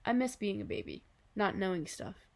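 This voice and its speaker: A woman narrating a children's novel aloud in an even, unhurried reading. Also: mid-range voice. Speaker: audiobook narrator. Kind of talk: scripted narration.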